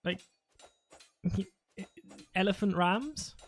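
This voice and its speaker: A man's voice: high-pitched, lively intonation, drawn-out words. A British man doing live esports commentary, rambling and joking, often restarting his sentences. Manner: rambling, jokey, self-interrupting. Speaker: esports caster.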